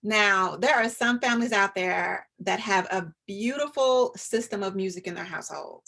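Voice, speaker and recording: A woman psychologist giving an informal, chatty talk to parents, animated and now and then dropping into a soft whisper to show a point. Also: mid-range voice, moderate pace, gravelly. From US, Atlanta area. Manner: chatty and animated, often drops to a demonstrative whisper.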